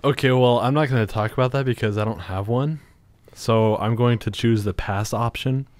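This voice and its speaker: A man's voice: medium pitch, moderate pace, darkish tone, no echo. A young college-age man co-hosting a casual radio show, teasing his co-host with short quips and frequent laughs. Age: young adult.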